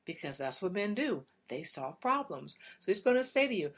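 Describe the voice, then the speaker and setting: A woman working as a relationship coach, talking directly to viewers in a chatty, animated way. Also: mid-range voice, normal speed, few pauses, husky. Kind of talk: casual direct-to-camera talk.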